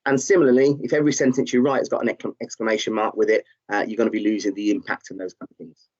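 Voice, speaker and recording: A man's voice: on the low side, fairly even intonation, racing, darkish tone. A man teaching a live online lesson, encouraging learners and reading out their chat answers, with many fillers. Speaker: tutor. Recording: slightly dull, muffled audio.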